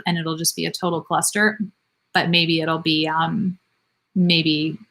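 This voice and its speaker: A woman's voice: fairly low pitch, a bit bright. A woman in her thirties, a nurse practitioner, answering viewer comments in a candid, self-deprecating live Q&A. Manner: chatty, candid and self-deprecating, with frequent laughs.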